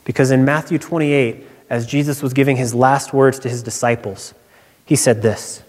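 Pastor preaching in a reverberant hall. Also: male voice, medium pitch, fairly even intonation, normal speed, a little mellow. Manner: conversational preaching with personal anecdotes. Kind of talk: sermon. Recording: long reverb of a large hall.

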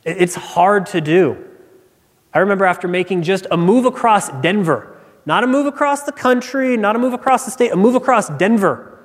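An animated, high-pitched male preacher speaks at normal speed, explaining scripture and telling personal anecdotes in a conversational way. His words echo with the long reverb of a large hall.

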